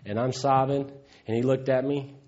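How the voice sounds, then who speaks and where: A man's voice: medium pitch, steady tone, moderate pace, darkish tone. A man giving a candid, earthy personal testimony at a recovery meeting, acting out the voices of the people in his story. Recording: dull lo-fi recording.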